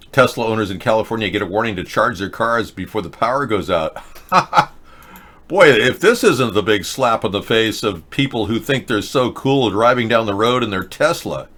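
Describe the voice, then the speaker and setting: A man's voice: fairly low pitch, lively intonation, moderate pace, fairly bright tone. A man hosting a show, ranting sarcastically in casual political commentary. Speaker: host.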